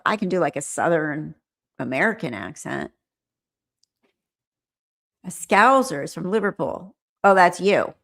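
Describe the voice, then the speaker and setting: A woman's voice: on the low side, gravelly, fairly bright tone. A middle-aged woman from California, chatting casually and rambling as host of a live stream, with frequent laughs. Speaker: livestream host.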